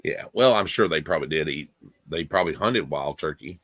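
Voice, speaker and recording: Deep, bright-toned man rambling with fillers. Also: lively intonation, brisk, no echo. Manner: rambling, hesitant with many fillers. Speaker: stream guest. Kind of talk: casual group chat on a live stream.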